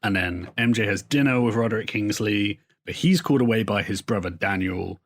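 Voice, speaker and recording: A man co-hosting a podcast, recapping comic book plots in a rambling, profane, casual way. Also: lowish voice. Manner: rambling, profane storytelling with quick put-on quotes. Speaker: podcast co-host.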